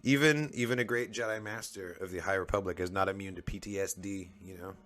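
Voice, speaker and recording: A man's voice: sits low, fast, fairly bright tone, faint music behind. A man chatting casually on a live stream as he reads comics aloud, dropping "like" often.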